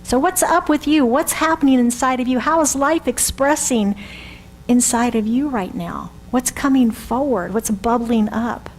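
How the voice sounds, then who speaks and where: A woman's voice: on the high side, normal speed, a little hiss or hum, low-quality recording. A woman in her sixties giving a conversational sermon, often asking the congregation rhetorical questions. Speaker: reverend.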